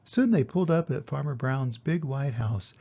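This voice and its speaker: An older man reading a children's storybook aloud, gentle and expressive, in a dull lo-fi recording. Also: mid-range voice, moderate pace, vocal fry. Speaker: storybook reader.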